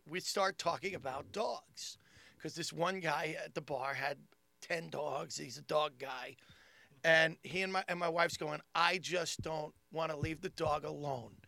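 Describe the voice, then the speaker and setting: A middle-aged man spins stories in casual chat, animated and quick to laugh. His voice sits high with a gravelly edge and a bright tone. The sound is close and dry. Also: dry recording. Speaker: comedian.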